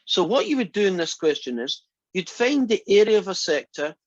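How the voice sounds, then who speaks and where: Very animated and high-pitched, this man speaks at normal speed with no room sound. He teaches a math class in a chatty, teasing style, often posing questions to students, in a dull lo-fi lecture recording.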